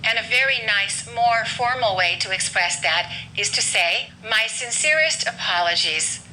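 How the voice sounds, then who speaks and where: A woman teaching English vocabulary and pronunciation, speaking clearly and deliberately and repeating model phrases slowly. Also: mid-range voice, expressive, pushed and bright, a little hiss or hum, rough recording. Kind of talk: scripted English lesson.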